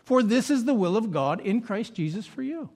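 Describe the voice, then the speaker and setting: A pastor delivering a sermon, moving between loud, emphatic points and quiet, reflective asides. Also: male voice, high-pitched, expressive, moderate pace.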